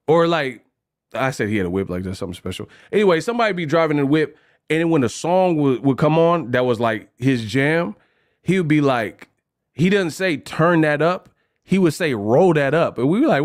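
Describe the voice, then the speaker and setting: A man hosting a boxing livestream, chatting casually with playful shout-outs and stories. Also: medium pitch.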